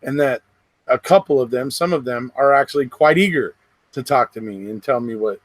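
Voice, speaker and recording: A middle-aged man chats to his livestream viewers, rambling along and laughing between thoughts. His voice sits in an ordinary middle pitch. The sound is close and dry, with no room around it. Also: no room sound. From West Coast of the United States. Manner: rambling, chatty, quick laughs between remarks. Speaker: livestream host. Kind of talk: casual livestream chat.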